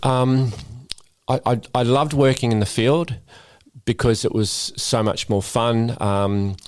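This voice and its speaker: A man's voice: mid-range voice, steady tone, slow, a little hiss or hum. A middle-aged Australian man, a guest speaker and former police officer, chatting casually in a podcast interview and often repeating words as he starts a sentence. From Western Australia.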